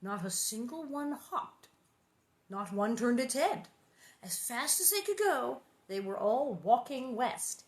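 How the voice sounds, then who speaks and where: A woman's voice: on the high side, very animated, takes it slowly. A woman reading a children's book aloud, breaking off for squeamish, jokey asides. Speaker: reader.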